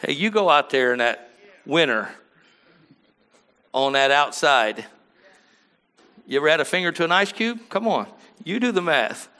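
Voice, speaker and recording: A man preaching a sermon as pastor, dropping to quiet asides and then rising to loud emphatic lines, often asking the congregation to agree. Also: sing-song, unhurried, pauses often. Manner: swings from low murmurs to loud emphatic bursts.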